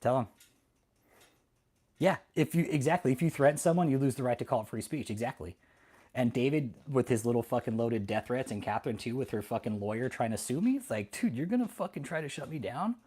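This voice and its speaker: A man's voice: mid-range voice, animated, a little fast, warm tone, husky. A middle-aged man from Texas, hosting an angry, profane commentary rant full of defiance and swearing. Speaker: host.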